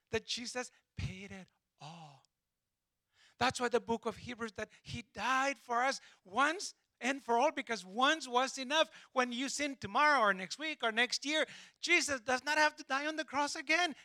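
A man preaching a sermon, telling stories and acting out the dialogue with lively emphasis. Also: high voice, dry recording. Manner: animated storytelling, acts out dialogue. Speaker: pastor.

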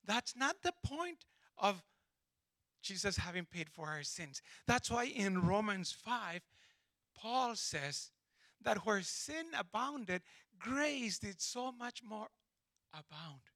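A man preaching a sermon, telling stories and acting out the dialogue with lively emphasis. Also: high voice, slow, dry recording. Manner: animated storytelling, acts out dialogue. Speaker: pastor.

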